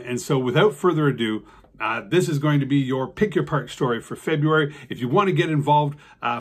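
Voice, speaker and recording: A man telling a children's story as a host, animated and acting out sound effects. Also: on the high side, breathy edge.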